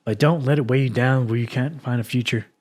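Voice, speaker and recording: Still emotional from crying, a podcast host delivers a raw, heartfelt, motivational solo talk, sighing along the way. His mid-range voice is brisk, a little mellow, and steady in tone.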